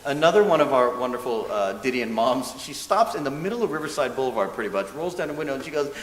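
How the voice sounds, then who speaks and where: A man serving as a minister's assistant gives a dharma talk, telling a story in a lively, self-mocking way and acting out what people said. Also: mid-range voice, fast talker. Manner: lively, self-mocking storyteller who often laughs and acts out quotes. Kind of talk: storytelling sermon. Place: church hall. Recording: echoey hall with faint hiss.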